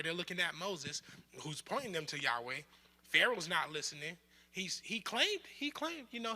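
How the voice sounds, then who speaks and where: A young man leads a bible study in a loose, joking manner, acting out little quotes along the way. His voice sits high and sounds very bright and sharp. It carries through a roomy hall with a long echo. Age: young adult. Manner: conversational, joking, with lively asides and acted-out quotes. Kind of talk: casual bible study teaching. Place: room of a bible study group.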